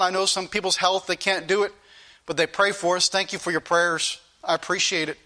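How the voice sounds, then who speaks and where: A man's voice: high-pitched, pushed and bright. A male pastor preaching an earnest, repetitive sermon that rises into pleading questions to his congregation.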